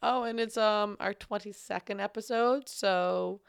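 A woman's voice: mid-range voice, steady tone, unhurried, creaky, smooth, dry recording, studio quality. A young woman co-hosting a podcast, chatting casually with lots of laughter and teasing. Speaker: podcast co-host. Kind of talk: casual chat.

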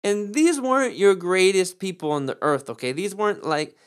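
A man, a pastor, teaching through a Bible passage on his podcast in a lively, emphatic preaching manner. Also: high-pitched, moderate pace, clean tone. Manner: animated preacher, rising emphasis on key words.

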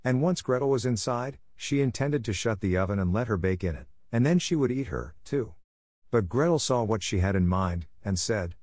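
A man narrating a fairy tale in a steady, measured storybook reading. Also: lowish voice, dry recording, clean studio sound.

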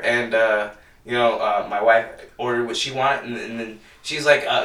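Casual podcast guy, bright forceful voice, swears a lot, rambles, set back from the mic. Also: mid-range voice, measured pace, roomy sound, distant mic. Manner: rambling, profane storytelling with lots of "dude". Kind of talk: casual chat.

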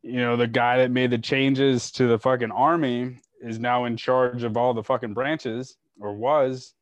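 A man who is a serving soldier, talking bluntly in a casual chat and swearing freely as his frustration shows. His mid-pitched voice comes through dry and a little dull, like a lo-fi mic. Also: flat delivery, measured pace, no echo. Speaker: serving soldier, podcast guest.

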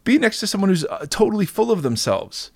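A middle-aged man and pastor talking through faith in an earnest, animated conversational way, often restarting his sentences. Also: high-pitched, brisk, vocal fry, no room sound, studio quality.

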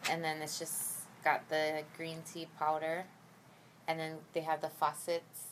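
A woman chatting casually as a guest in a car, relaxed and full of filler "likes". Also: low voice, unhurried, slight background noise, rough recording. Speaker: guest, host's wife. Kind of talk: casual chat.

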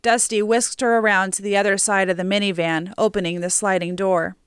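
Smooth-voiced woman narrating an audiobook. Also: medium pitch, fairly even intonation, a little fast, no echo, studio quality.

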